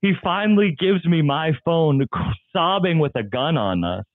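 A man's voice: fairly high pitch, expressive, moderate pace, no echo. A man who is a comedian guest, telling wild stories in casual chat and laughing often. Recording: tinny phone-like line, dry.

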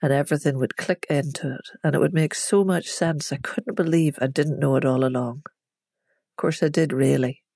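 A storyteller voicing a village mother who makes herbal tinctures, teasing her daughter yet sharp underneath. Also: mid-range voice, steady tone, moderate pace, vocal fry, dry recording, studio quality. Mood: wise.

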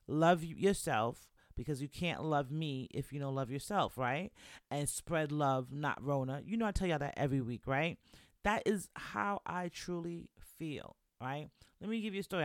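The clean studio sound, free of any room echo, carries a young podcast host's voice, which sits on the high side. Alone at the mic, he chats casually and keeps encouraging listeners, sprinkling in "right?" and "you know" to check in.

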